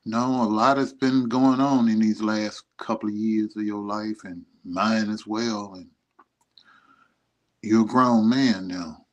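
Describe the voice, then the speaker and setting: A man's voice: lowish voice, steady tone, takes it slowly, muffled recording. A middle-aged man giving an emotional, rambling message to his son, speaking tenderly and proudly. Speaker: vlogger. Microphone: streaming setup.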